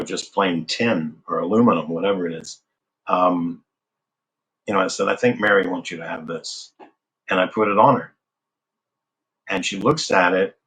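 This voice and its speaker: A man's voice: low voice, fairly bright tone, poor audio. A man being interviewed, telling a personal story in a casual, conversational way and acting out the remembered dialogue. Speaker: interview guest.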